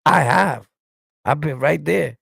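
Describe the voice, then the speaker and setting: A man's voice: on the high side, slow, fairly bright tone, no echo. A middle-aged man from New York with a New York accent, ranting bluntly and profanely at his livestream chat. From New York City. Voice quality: gravelly. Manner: blunt, confrontational, profane, repeats "you get it?". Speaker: streamer reacting and answering live chat. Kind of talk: heated livestream rant.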